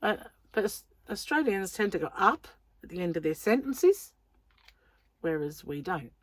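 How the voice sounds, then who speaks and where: A woman's voice: medium pitch, very animated, normal speed, no room sound. An English woman chatting casually on her crochet vlog, rambling along with lots of ums, her throat still a little sore. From England. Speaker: crochet vlogger. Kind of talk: casual chat.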